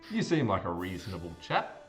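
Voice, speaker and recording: A man's voice: deep voice, huge pitch swings, brisk, a bit bright, faint music behind. A man with an Australian accent playing in a tabletop game, talking casually and saying "like" a lot. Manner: casual, with lots of likes. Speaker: player. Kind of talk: tabletop role-play.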